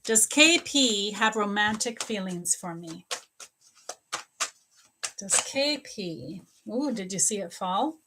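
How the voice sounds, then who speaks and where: A woman's voice: medium pitch, expressive, slow pace, long pauses, background noise. A middle-aged woman doing live psychic readings, talking straight to viewers by name, often repeating herself and laughing. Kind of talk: live-stream readings answering viewer questions.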